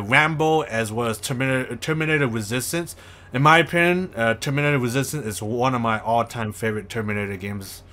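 A man's voice: mid-range voice, fairly bright tone. A man hosting a let's-play, chatting in a laid-back way full of "like" and "you know" while he plays. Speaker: gaming channel host. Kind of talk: casual let's-play commentary.

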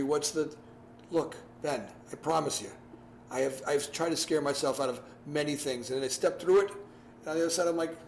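A man talks to a class over a video call, lively and repetitive, acting out what went through his head. His voice sits a bit high for a man. The room echoes, with a faint hiss behind him. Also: creaky. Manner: animated, repeats himself, acts out his own past thoughts. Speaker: guest speaker. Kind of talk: casual advice talk on a video call.

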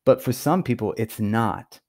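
A man giving an earnest Bible teaching, stressing key words and pausing for emphasis. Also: mid-range voice, expressive. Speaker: preacher.

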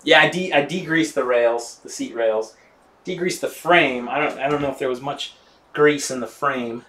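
A man's voice: medium pitch, normal speed, a bit bright. A man hosting a casual live stream while working on his bike, rambling and swearing casually as he reads chat aloud.

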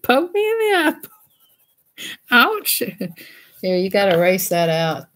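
A woman with a drawl chats away as she colors, giggling often. Her talk is playful and loose, and she keeps breaking into goofy voices. Her voice sits at an ordinary middle pitch for a woman. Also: huge pitch swings, a little slow, fairly bright tone. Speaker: coloring channel host. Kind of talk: casual chat while coloring.

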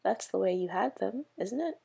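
A woman reading the lines of an eager, worried young girl from a storybook in her own gravelly, husky voice. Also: mid-range voice, animated, normal speed, mellow, full character voice.

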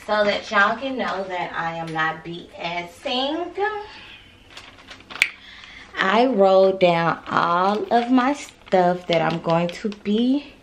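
A woman's voice: mid-range voice, lively intonation, takes it slowly, roomy sound, distant mic, noisy background. A woman with a sore throat chatting playfully with her viewers as a beauty vlogger, teasing and joking as she goes. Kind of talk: casual chat to viewers.

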